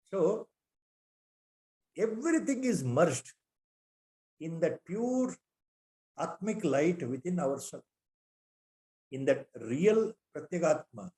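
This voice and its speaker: A man's voice: fairly high pitch, darkish tone. Indian man giving a spiritual lecture. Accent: Indian English. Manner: repeats rhetorical questions, sprinkles Sanskrit terms. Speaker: lecturer on scripture.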